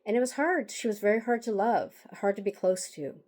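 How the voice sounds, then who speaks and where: An author talks about her book in a candid vlog monologue, recounting a bitter personal story with emotion. She rambles with restarts and fillers, sighing and laughing wryly, in a mid-range, darkish voice that is fairly quick and lively in intonation.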